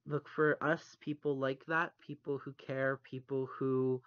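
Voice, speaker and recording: A man co-hosting a podcast, talking earnestly and haltingly, close to tears, recorded over an internet call. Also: medium pitch, little pitch movement, no room sound. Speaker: podcast co-host. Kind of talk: casual chat. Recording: muffled dry call recording.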